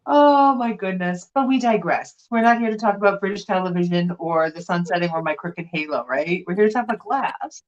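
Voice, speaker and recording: A middle-aged woman chatting casually as co-host of a live vintage sale from a room at home, telling stories in an animated way. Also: medium pitch, fairly quick, few pauses, muffled recording. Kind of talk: casual chat. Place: home room with window blinds.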